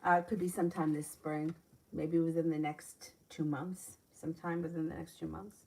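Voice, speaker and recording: A woman's voice: deep voice, flat delivery, normal speed, gravelly, dark tone. A woman reading viewers' questions aloud and answering them as a tarot reader on a live stream, chatting and laughing between readings.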